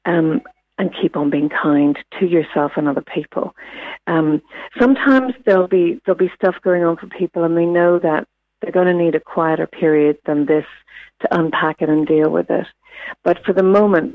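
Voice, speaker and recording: A woman, a wellbeing expert giving gentle, reflective advice in a radio interview with many fillers and restarts. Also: fairly low pitch, fairly even intonation, normal speed, vocal fry. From New Zealand. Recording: phone line, dry.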